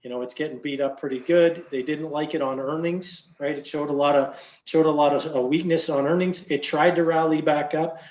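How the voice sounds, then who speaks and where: A man's voice: fairly high pitch, steady tone, moderate pace, few pauses, a little mellow, echoey room, highs cut off. A man coaching stock trades in casual chat, explaining in a loose way with many fillers. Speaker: trading coach.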